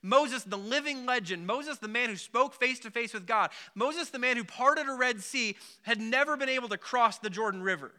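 Bright high-voiced casual preacher man. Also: normal speed, hardly any pauses. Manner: conversational, many filler likes, acts out biblical voices. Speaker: pastor. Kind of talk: casual sermon.

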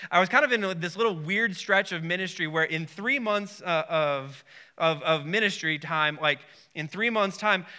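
A man's voice: sits high, pushed and bright. A man in his thirties preaching a sermon, telling a personal story in a rambling way, often repeating words and restarting. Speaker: pastor.

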